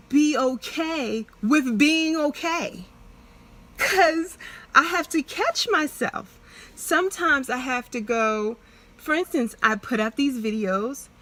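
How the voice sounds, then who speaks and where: A young woman speaking straight to her vlog viewers, her voice sitting a little high with a bright, tense edge. She talks earnestly and haltingly, breaking off mid-sentence and circling back to repeat herself as she works through what she wants to say. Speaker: vlogger. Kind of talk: emotional personal vlog confession.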